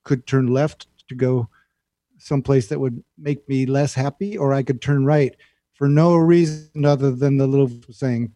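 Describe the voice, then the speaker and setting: A male guest telling stories in a casual chat, lively and acting out the voice in his head. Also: mid-range voice, moderate pace, dry recording. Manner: animated storyteller, acts out an inner voice. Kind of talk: casual storytelling.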